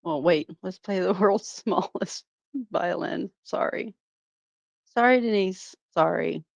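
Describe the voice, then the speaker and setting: A woman's voice: on the low side, takes it slowly, gravelly, no room sound, lo-fi sound. A woman hosting a reaction channel, giving mocking, sarcastic commentary and laughing often.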